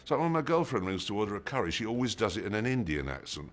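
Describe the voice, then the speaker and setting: Male TV presenter, lowish voice with a wide lively swing, chatty anecdotal press-interview read. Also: fast talker. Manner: animated anecdotes, lively delivery.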